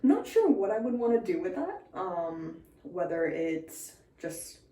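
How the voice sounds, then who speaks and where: A woman's voice: medium pitch, big pitch swings, measured pace, warm tone, recorded from a distance. A young woman vlogging in a casual, rambling way with many fillers, now and then with a slight lisp, recorded on a phone. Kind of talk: casual chat. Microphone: phone camera. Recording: echoey room.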